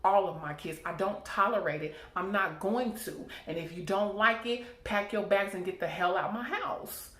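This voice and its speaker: A woman's voice: mid-range voice, normal speed, hardly any pauses, fairly bright tone. A woman venting to her viewers, preachy and emphatic, hammering points and tagging lines with "okay?". Her voice sits in a middle range and rings in a roomy, echoey space. She sounds worn out and drained. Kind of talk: emotional personal vent. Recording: echoey room.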